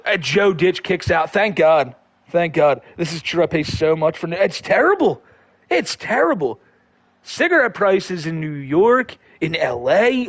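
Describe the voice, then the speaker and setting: A man's voice: a little high, sing-song, normal speed, fairly bright tone, dry recording. A man hosting a livestream, reading viewer comments in a rambling, profane, laid-back way. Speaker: livestream host.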